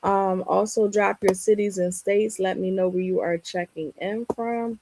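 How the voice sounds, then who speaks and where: A woman hosting a casual livestream, her voice strained and raspy, greeting viewers by name in an upbeat, chatty way. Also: mid-range voice, steady tone, measured pace, a little mellow, rough recording. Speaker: livestream host and Canva teacher.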